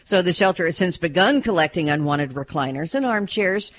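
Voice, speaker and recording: A woman's voice: lowish voice, animated, a little fast, a little hiss or hum. A woman reading a radio news update about pets in a chatty, informal way and breaking into light laughs. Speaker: news reporter.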